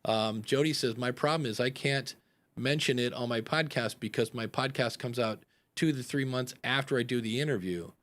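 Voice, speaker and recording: A man's voice: medium pitch, moderate pace, fairly bright tone. A man, a podcast coach hosting a live advice chat, rambling and acting out example announcements.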